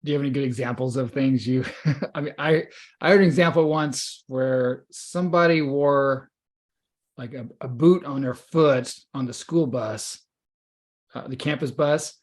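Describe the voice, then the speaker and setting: Male interviewer, mid-pitched, curious, conversational questions. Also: normal speed. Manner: curious, prompting with names and details.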